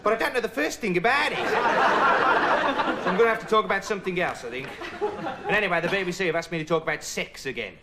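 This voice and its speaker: A man telling a rambling deadpan comic monologue to camera as a hapless reporter. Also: quick pace, long pauses. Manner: rambling, flat, puts on high voices for quoted people. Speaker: comic reporter character host. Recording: studio audience laughter, noisy old tape. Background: audience laughing.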